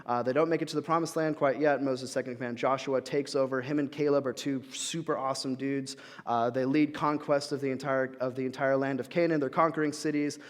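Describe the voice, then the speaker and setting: A young adult man delivers a sermon in an easygoing, chatty manner, with many "likes" and restarts. His voice sits at an ordinary middle pitch for a man. It carries a long, trailing reverb from the church hall around him. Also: fairly even intonation, brisk, few pauses. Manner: conversational, many fillers and restarts. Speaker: guest speaker.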